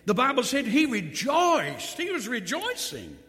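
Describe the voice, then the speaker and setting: Lively folksy male preacher in a hall. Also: very high voice, measured pace. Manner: folksy storytelling, emphatic repetition. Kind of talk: sermon. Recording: long hall reverb.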